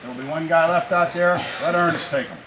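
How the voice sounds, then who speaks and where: A man coaching his high school football team before a game, his voice pitched a little above the usual for a man. He talks to the players in an earnest, plainspoken way, with faint noise in the background. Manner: earnest, plainspoken exhortation, pausing to restart phrases; grows louder and more fervent when speaking of country. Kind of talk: pregame locker-room speech to players.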